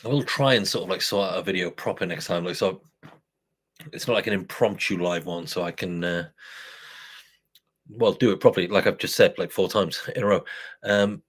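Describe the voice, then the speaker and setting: A man's voice: low-pitched, moderate pace, long pauses, slightly rough. A man hosting a live beer review stream, rambling and self-deprecating with plenty of swearing. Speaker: beer review channel host. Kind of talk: casual live-stream chat.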